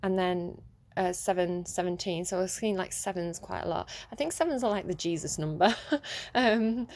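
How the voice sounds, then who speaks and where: A woman's voice: on the low side, moderate pace, a little mellow. Giggly, rambling woman. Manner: rambling and giggly, full of ums and likes. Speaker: tarot reader. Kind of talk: casual chatty tarot vlog.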